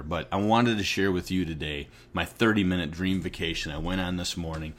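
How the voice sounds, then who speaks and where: A man's voice: sits low, fairly bright tone. A middle-aged man at home, talking casually to the camera in a rambling, conversational way. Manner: rambling and conversational, often circles back on his point. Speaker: vlogger. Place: at his home.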